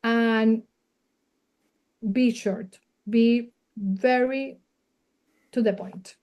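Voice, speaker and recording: A woman with a Spanish accent speaks in a somewhat high voice, giving earnest, practical advice as a guest on a casual podcast. She is a non-native English speaker and often laughs as she talks. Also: steady tone, drawn-out words, highs cut off. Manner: earnest, advising, laughs readily. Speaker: guest, media coach.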